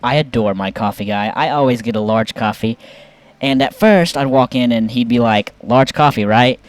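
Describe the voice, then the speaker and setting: Man, casual meme reaction commentary, playful, mid-pitched, dry close sound. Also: normal speed, dry recording. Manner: playful, with sudden upward pitch jumps. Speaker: YouTube meme reviewer.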